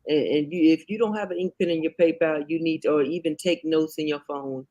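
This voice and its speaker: Higher-voiced man counting off Bible points. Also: fairly even intonation, brisk, dark tone, muffled recording. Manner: counts off points, many restarts and fillers. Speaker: co-host. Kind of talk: Bible teaching in a talk show.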